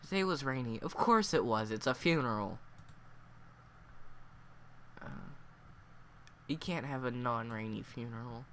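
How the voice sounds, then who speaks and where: A man chatting his way through a story review in a loose, rambling style, full of fillers. His voice wobbles as he tries not to laugh. A mid-pitched voice over a faint hiss. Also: expressive, takes it slowly, pauses often, fairly bright tone. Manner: keeps breaking into laughter, voice wavering. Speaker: book reviewer.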